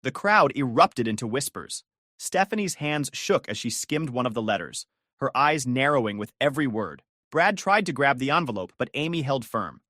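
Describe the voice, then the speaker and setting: A man's voice: mid-range voice, lively intonation, moderate pace, a bit bright, no room sound, clean studio sound. A man narrating a first-person revenge story in a dramatic, gossipy way.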